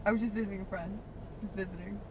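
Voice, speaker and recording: A woman riding as a passenger, soft-spoken and laid-back, giggling often in casual chat. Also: mid-range voice, fairly even intonation, rapid-fire, a crowd in the background. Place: back of a car at night. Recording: distant in car with road noise.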